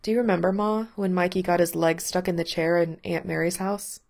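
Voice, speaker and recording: A woman's voice: fairly low pitch, steady tone, brisk, creaky, darkish tone. A woman voicing a weary, guilt-ridden man.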